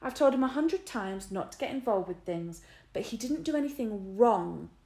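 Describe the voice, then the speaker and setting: A bossy, hot-headed schoolboy, as a woman reads him aloud, bursting out in loud, exasperated lines. The pitch leaps about with lively energy. The reading carries a roomy echo. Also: moderate pace. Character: quick-tempered schoolboy, bossy and blunt. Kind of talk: storybook reading.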